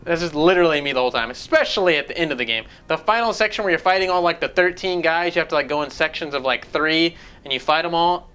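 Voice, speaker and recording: A man's voice: a little high, quick pace, few pauses, bright, forceful tone, clear, resonant tone. Male game reviewer, casual and profane, rambling delivery. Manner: rambling, profane, jumps between points.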